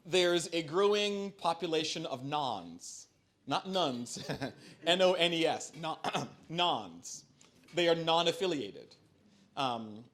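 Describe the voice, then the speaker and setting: A middle-aged man with a slightly high voice, speaking as a bishop at a parish forum. He talks in an easy, conversational way with filler ums and wry self-deprecating humor. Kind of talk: church forum Q&A answer. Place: church hall.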